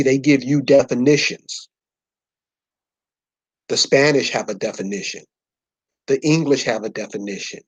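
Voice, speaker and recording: A man's voice: medium pitch, breathy edge. Male lecturer, mid-range voice, preachy and slangy, addresses listeners with constant rhetorical questions. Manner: talks to the audience in loose slangy speech. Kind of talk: informal lecture pointing at a map.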